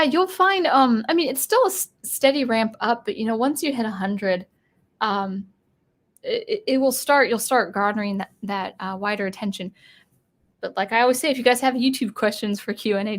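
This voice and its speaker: An American woman hosting a casual live-stream Q&A for her music channel. She reads viewer comments aloud and explains things in a chatty way, with frequent restarts. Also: mid-range voice.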